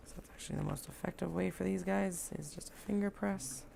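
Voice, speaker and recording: A woman's voice: on the low side, fairly quick, vocal fry, few pauses, mellow, slight background noise. A woman talking casually as she sews, joking and chatting to herself while she works in a home sewing room. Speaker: sewing vlogger.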